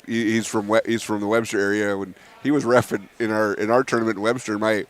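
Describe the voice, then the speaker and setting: A man's voice: lowish voice, flat delivery. A middle-aged man co-commentating a wrestling meet, giving score updates and short agreements. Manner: terse, quick agreements.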